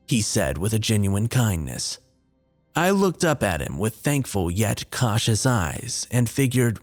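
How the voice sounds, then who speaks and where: A man's voice: on the low side, sing-song, unhurried. A man narrating a scripted horror story in a wry, dry, confessional tone. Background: faint music.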